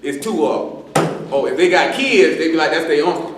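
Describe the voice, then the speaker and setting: A man's voice: fairly high pitch, lively intonation, moderate pace, very noisy. A man preaching a sermon in loose street slang, joking and quoting people. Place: church assembly hall. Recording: echoey hall from far off.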